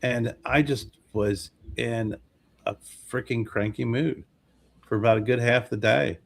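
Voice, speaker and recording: A man co-hosting a podcast, his voice sitting at a middle pitch. He talks in a loose, rambling way, swearing casually as he goes. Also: fairly even intonation, measured pace, vocal fry, slightly rough. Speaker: podcast co-host. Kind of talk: casual chat.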